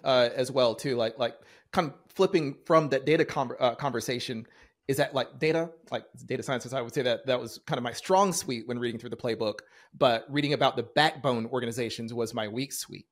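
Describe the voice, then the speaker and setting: A man hosting an interview, asking questions and reading them out from the audience, halting with many "uh" sounds. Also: medium pitch. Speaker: interview host.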